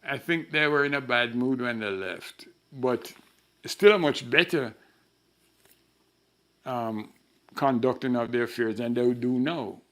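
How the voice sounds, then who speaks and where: A man's voice: mid-range voice, a little slow, long pauses. An older man telling stories in an interview, acting out the voices of the people in his anecdotes. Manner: animated storyteller who acts out the voices in his anecdotes. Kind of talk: storytelling interview.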